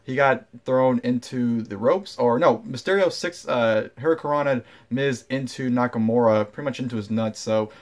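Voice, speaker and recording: A man's voice: medium pitch, normal speed, few pauses. A man giving a casual, rambling review of a wrestling show, blunt and dismissive, with lots of fillers.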